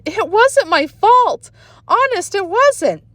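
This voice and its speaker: A woman voicing a bossy, whiny young schoolgirl with a shrill, pleading manner. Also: big pitch swings, moderate pace, a bit bright, no echo. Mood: upset.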